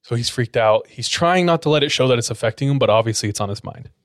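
A man's voice: mid-range voice, animated, fast talker, no echo. A man telling a creepy story to friends in a casual, suspenseful way with plenty of fillers, close to the mic. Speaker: podcast storyteller.

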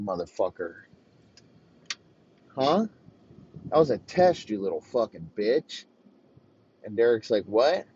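A man's voice: medium pitch, breathy edge, lo-fi sound. Man doing an enraged, foul-mouthed football coach. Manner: profane, berating, escalating yelling.

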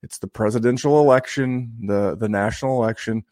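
A chatty man from Indiana opens his fantasy football podcast, joking and restarting his sentences as he goes. His voice sits at a middle pitch. It is recorded close and dry, with no room sound. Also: a little fast, a little mellow, no echo. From Indiana, USA. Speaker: podcast host. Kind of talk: casual podcast intro.

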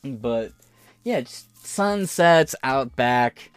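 A man's voice: medium pitch, animated, drawn-out words, clear, resonant tone, no room sound. An American man hosting a podcast, rambling through a casual, profane and sarcastic rant that drifts off topic. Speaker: podcast host. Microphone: audio-only podcast mic.

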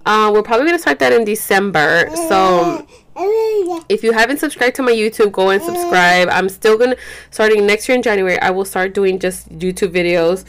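A woman's voice: mid-range voice, expressive, a little fast, a crowd in the background. Worn out mom-type woman rambling on her podcast, lots of "like" and "you guys", kinda yawny. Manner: rambling, chatty, says "like" and "you guys" often, swears. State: tired, yawning. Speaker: podcast host. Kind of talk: casual chat.

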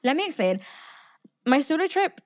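A young woman in her twenties hosting a podcast, telling a story in a chatty, animated way, swearing freely and acting out what people said. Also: normal speed. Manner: chatty, animated, swears often, acts out quotes in a higher voice. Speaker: podcast host. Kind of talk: casual storytelling monologue.

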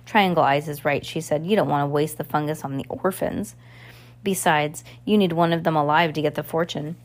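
A woman's voice: low voice, fairly even intonation, fairly quick, close to an everyday voice. A woman voicing a vain, scheming society villainess in a storybook reading, with a purring, haughty manner.

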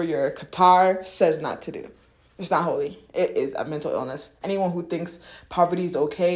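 A woman's voice: lowish voice, darkish tone, roomy sound. A woman hosting a podcast in casual spiritual talk about money, slangy and profane, laughing often and acting out voices. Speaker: podcast host.

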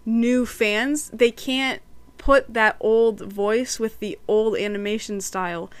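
A woman's voice: a little high, fairly even intonation, slow, clear, resonant tone, no room sound. Chatty young-sounding woman podcaster. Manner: chatty, giggly, acts out quotes. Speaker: podcast host reviewing a cartoon series. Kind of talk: casual review chat.

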